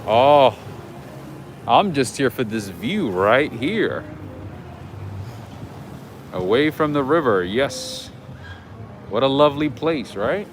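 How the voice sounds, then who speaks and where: A man's voice: mid-range voice, very animated, takes it slowly, pauses often, a little hiss or hum. Chatty man streaming a street walk. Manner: chatty, greets and answers viewers' comments. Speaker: livestream host. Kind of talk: casual live walking-tour chat. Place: outdoors on an old-town street at night. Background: jazz music playing nearby.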